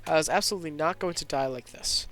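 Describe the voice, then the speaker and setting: A man narrating a story at a rapid clip, his voice slightly high. He reads tense first-person scenes as a streamer, breaking off now and then for asides. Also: a bit bright, faint music behind. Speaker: streamer reading a visual novel aloud.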